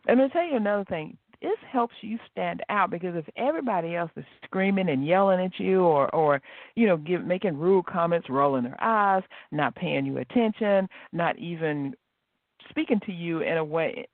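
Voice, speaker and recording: A man's voice: high voice, expressive, moderate pace, no echo. A man hosting a motivational podcast, telling stories with animation and acting out the quoted dialogue. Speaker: podcast host. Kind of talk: motivational solo podcast talk. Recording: dry, tinny phone-like line.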